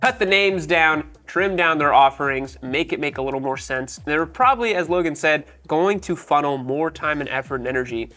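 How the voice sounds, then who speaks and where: A man's voice: on the high side, normal speed, hardly any pauses, pushed and bright. A man hosting a motorcycle show, chatting casually and animatedly with frequent "like" and jokes. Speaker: motorcycle channel host. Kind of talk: casual chat.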